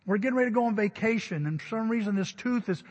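Guy preaching, kinda husky and high, acts out all the stories, big echoey church sound. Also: fast talker. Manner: animated, acts out quotes and cries out. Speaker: pastor. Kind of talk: sermon with storytelling.

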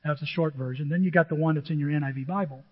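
A male pastor preaching a sermon to his church, animated and emotional, often jumping into excited high exclamations. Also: fast. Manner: self-described emotional. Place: church sanctuary with a screen. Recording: dull, long hall reverb.

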